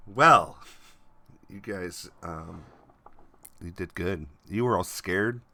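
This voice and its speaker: A man's voice: sits low, takes it slowly, long pauses, sharp tone, slight background noise. A man running a tabletop game as game master, chatty and laughing often mid-sentence. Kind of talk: narrating a tabletop game over voice chat.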